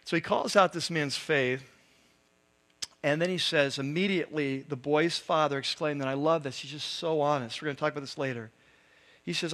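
Male pastor, high voice, casual talky sermon delivery. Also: moderate pace, fairly bright tone. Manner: conversational preaching with many asides and "right?".

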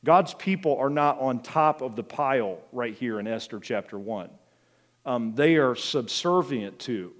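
A man's voice: mid-range voice, animated, measured pace. A middle-aged man, a pastor, preaching a sermon in a conversational, storytelling manner with many fillers and restarts.

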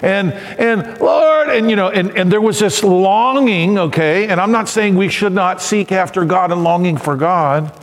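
A middle-aged male pastor preaching with a high voice, animated and lively, acting out little voices and cries as he goes. The sound carries the long reverb of a church sanctuary. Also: normal speed, hardly any pauses. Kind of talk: sermon.

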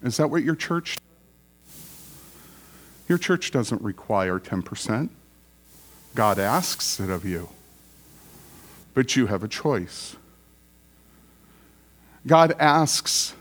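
A man's voice: medium pitch, expressive, very slow, long pauses, fairly bright tone. A male pastor preaching a sermon in a conversational, storytelling way, repeating key phrases for emphasis.

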